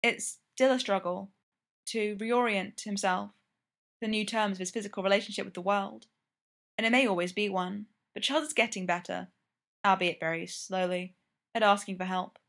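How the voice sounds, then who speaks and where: A woman reading a story aloud in a steady, even narrating voice. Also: medium pitch, moderate pace, gravelly. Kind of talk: reading fan fiction aloud.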